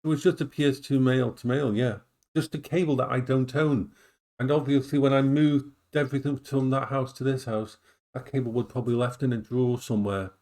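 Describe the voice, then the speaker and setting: A man chatting casually on a live stream from his home, often breaking into high baby talk for his dogs. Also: fairly even intonation, a little fast, darkish tone.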